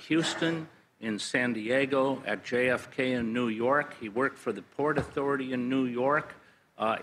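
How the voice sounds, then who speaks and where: A man's voice: medium pitch, fairly bright tone, a little hiss or hum, poor audio. A man speaking to a board at a public meeting as their federal lobbyist, with dry humor and a storytelling manner.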